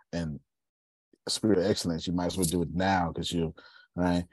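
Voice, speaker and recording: A man hosting a casual group talk, animated and preachy, with a slangy way of talking. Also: sits low, normal speed, no echo. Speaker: host.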